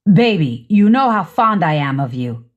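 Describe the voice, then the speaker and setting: A woman voicing a smooth-talking, patronizing man who keeps placating his lover. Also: lowish voice, very animated, normal speed, narrow, tinny audio, voice pushed down.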